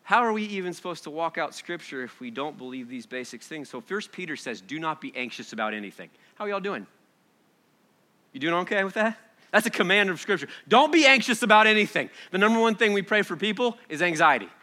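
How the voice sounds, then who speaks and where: Bright-voiced preaching man, loud to hushed. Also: high-pitched, lively intonation, a little fast. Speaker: pastor. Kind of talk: sermon. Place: church hall before a congregation.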